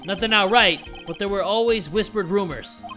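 A man's voice: high-pitched, moderate pace, sharp tone, faint music behind. Brief: man putting on a brash street-vendor woman who spills gossip, leaning in close. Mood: confiding.

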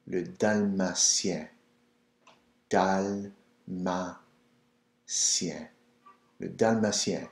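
A man giving a patient, slow pronunciation lesson, saying each word again and again for the listener to repeat. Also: lowish voice, creaky. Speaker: French language teacher. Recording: roomy echo.

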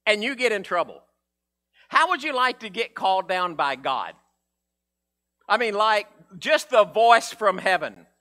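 A man preaching a sermon in a casual, conversational way, acting out Bible figures in a low mumble. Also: animated, a little slow, pauses often, sharp tone. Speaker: pastor.

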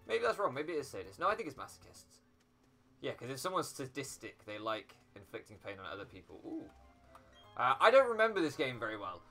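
A man's voice: mid-range voice, big pitch swings, fairly quick, pushed and bright, faint music behind. Sarcastic British man rambling over gameplay. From Britain. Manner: rambling, sarcastic, swears, mock-outraged outbursts. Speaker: gaming YouTuber. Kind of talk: casual game commentary. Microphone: floor mic at first, then desk mic.

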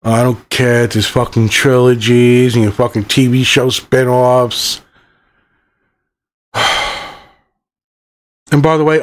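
A middle-aged man ranting angrily about a movie, swearing constantly and rambling from point to point. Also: medium pitch. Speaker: channel host reviewing a movie. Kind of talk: profane ranting movie review.

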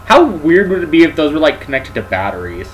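A young man co-hosting a let's play, musing and joking slowly while he plays. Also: fairly high pitch, very animated, slight background noise, rough recording. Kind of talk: casual gaming commentary.

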